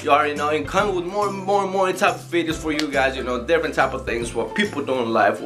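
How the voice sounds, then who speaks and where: A man's voice: fairly high pitch, quick pace, over music. A young man hosting a casual gaming video, rambling with lots of "you know" fillers. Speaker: video host. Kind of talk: casual vlog talk to camera.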